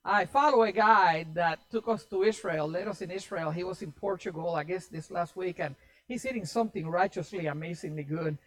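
A pastor giving a sermon in an animated, conversational way, repeating key phrases to drive them home. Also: mid-range voice, a little fast, poor audio.

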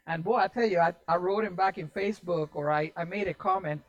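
A pastor giving a sermon in an animated, conversational way, repeating key phrases to drive them home. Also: medium pitch, brisk, dull audio.

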